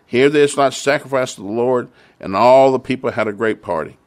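A man's voice: mid-range voice, fairly quick. A man preaching and retelling Bible stories for families, emphatic and repeating phrases for stress.

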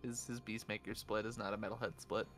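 A man giving casual, joking commentary on a speedrun with friends, blunt and quick to react. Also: lowish voice, level tone, fairly bright tone, soft background music.

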